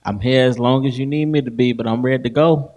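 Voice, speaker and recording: Podcast guy telling stories, lots of laughing and slang, mid pitch, super casual. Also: slight background noise. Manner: animated storytelling, laughs often, slangy. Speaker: podcast host. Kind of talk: casual chat.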